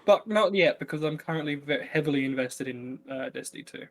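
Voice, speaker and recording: A man's voice: fairly high pitch, a little fast. A young man co-hosting a casual podcast, talking loosely with lots of restarts and trailing asides. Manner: rambling, self-interrupting, many fillers and restarts. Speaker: podcast co-host. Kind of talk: casual chat.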